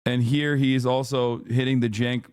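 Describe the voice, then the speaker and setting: A man's voice: medium pitch, flat delivery, moderate pace, a little mellow, clear, resonant tone, no echo, studio quality. A man streaming from home, chatting casually with his viewers in a brash, profane way and laughing often. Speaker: streamer reacting to a video. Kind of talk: casual live-stream chat.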